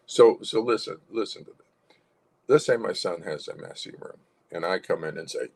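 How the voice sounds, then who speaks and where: A psychologist hosts an instructional livestream, speaking animatedly, chuckling, and acting out different tones of voice. His low voice is gravelly and husky at a moderate pace.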